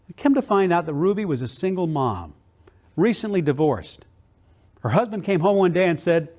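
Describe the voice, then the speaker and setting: A man's voice: fairly high pitch, a little mellow. A middle-aged man giving a motivational keynote speech, telling stories with dynamic enthusiasm and playful quoted voices.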